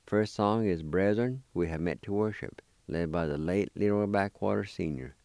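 A man hosting a radio language lesson, spelling and repeating words slowly and carefully. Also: low voice, gravelly, darkish tone, dry recording. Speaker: language teacher and program host.

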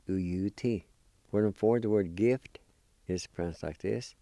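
A man's voice: fairly low pitch, unhurried, gravelly, mellow, no room sound. A man teaching word pronunciation, sounding words out syllable by syllable in a patient, encouraging way. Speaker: language teacher. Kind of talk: pronunciation lesson.

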